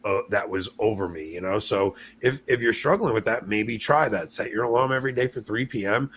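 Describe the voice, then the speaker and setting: A man with a somewhat low voice hosts a casual podcast chat. He speaks candidly and openly, as if telling friends a personal story. He sounds like he is on a video call. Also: brisk, fairly bright tone, slight background noise.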